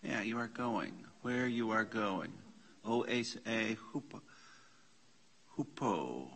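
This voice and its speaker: A man leading a Bible study class, slowly sounding out Greek words, repeating them and questioning his students. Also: fairly low pitch, lively intonation, fairly bright tone, reverberant. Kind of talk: slow, explanatory Greek lesson. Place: church classroom.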